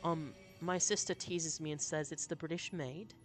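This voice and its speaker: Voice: medium pitch, fairly even intonation, moderate pace. Brief: friendly live streamer talking through a game, casual and upbeat, faint music in the background. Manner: chatty, upbeat, reads chat aloud. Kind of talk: live gameplay commentary.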